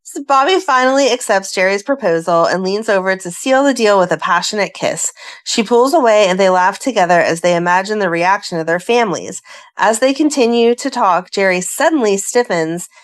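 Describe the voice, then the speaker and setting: A woman at a middling pitch recaps soap opera storylines for a fan podcast. She reads the summary in a relaxed, conversational way and keeps breaking off into her own asides. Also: brisk. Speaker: podcast co-host. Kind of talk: casual chat and recapping a soap plot.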